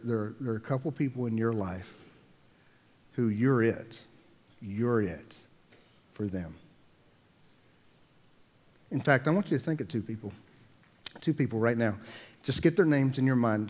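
A middle-aged pastor preaches with animated energy, doubling back on his words as he drives each point home. His voice carries a long hall reverb from the sanctuary around him. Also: mid-range voice. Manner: animated, repeats words when building a point. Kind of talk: sermon.

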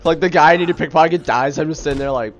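A man's voice: on the high side, very fast, dull audio, faint music behind. A man giving chatty, self-mocking commentary while playing a game. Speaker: let's-play host. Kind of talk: casual gaming commentary.

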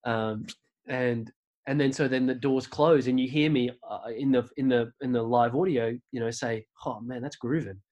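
A man's voice: mid-range voice, steady tone, normal speed, a little mellow, muffled recording. A man from Australia with an Australian accent, a guest telling rambling stories in a casual interview chat. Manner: rambling storyteller, many restarts. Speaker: podcast creator, guest.

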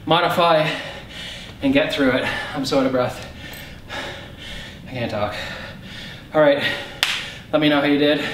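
A man's voice: medium pitch, fairly bright tone, roomy sound, a little hiss or hum. A male fitness instructor coaching a home workout, counting reps aloud and calling out short commands.

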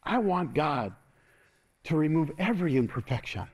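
A man preaching an energetic sermon as pastor in a church, calling for responses and laughing often. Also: a little high, normal speed.

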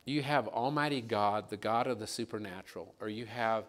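A male pastor preaching a sermon, telling a story with lively, animated delivery that climbs higher and louder as it builds. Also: normal speed, few pauses. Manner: animated storyteller, rising and louder when excited.

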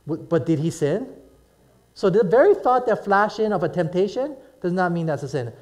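Male pastor, middle-aged, live sermon, animated stories, slightly high voice, calls for amens. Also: moderate pace. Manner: animated storytelling with frequent "right?" and "amen?".

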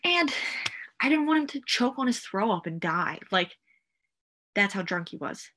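A young woman recounting a personal experience in a halting way, with many fillers. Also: medium pitch, big pitch swings, bright, forceful tone. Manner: halting, filler-laden storytelling. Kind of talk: personal testimony.

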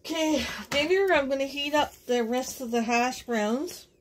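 A woman's voice: high-pitched, a little slow. Chatty woman vlogging at a cottage. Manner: chatty, talks straight to viewers. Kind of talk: casual home vlog chat. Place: family cottage. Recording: noisy home video recording.

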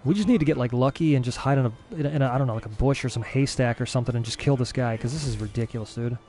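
A young man giving casual let's-play commentary as a gaming streamer, excitable and easily frustrated. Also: mid-range voice, rapid-fire. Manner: excitable, frustrated, swears mildly.

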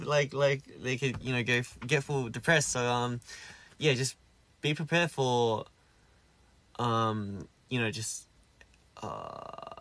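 A man's voice: mid-range voice, slow pace, long pauses, fairly bright tone. A young man in his twenties with an Australian accent, hosting a casual live stream and answering viewer comments in a rambling, easygoing way full of fillers. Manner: rambling, loose and easygoing, many fillers and restarts.

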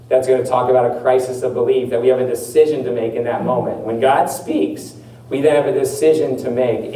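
A man preaching a sermon as pastor, earnest, repeating phrases and slowing down on key words. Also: medium pitch, dark tone, echoey room, far from the mic, slight background noise, low-quality recording.

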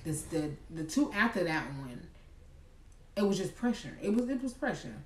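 A woman's voice: on the low side, normal speed, slight background noise. Chatty young woman in an echoey room. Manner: chatty, animated, addresses viewers as y'all. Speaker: vlogger. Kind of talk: storytime vlog. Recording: echoey room, mic at a distance.

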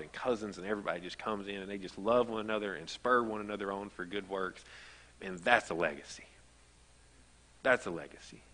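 A man's voice: lowish voice, bright, forceful tone, in a large hall. A man preaching a sermon as pastor, telling stories in a conversational way that builds to emphatic. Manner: conversational storytelling, rising to emphatic. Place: church sanctuary.

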